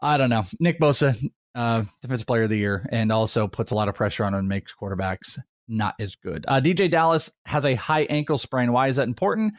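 A man co-hosting a casual football podcast, talking in a rambling, animated way with quick asides. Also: medium pitch, no room sound, clean studio sound. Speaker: fantasy football podcast host. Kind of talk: casual sports chat.

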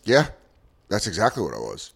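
A man in his thirties co-hosting a chat show, joking and putting on loud mock voices as he quotes people. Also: lowish voice, huge pitch swings, a little fast, breathy edge. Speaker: podcast co-host, comedian. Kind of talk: casual chat, storytelling.

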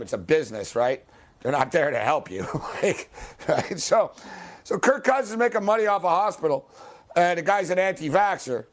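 Ranting sports radio host, man. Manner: angry, swearing, heckling athletes by name; bursts of loud high-pitched exclamation. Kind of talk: ranting late-night sports talk radio.

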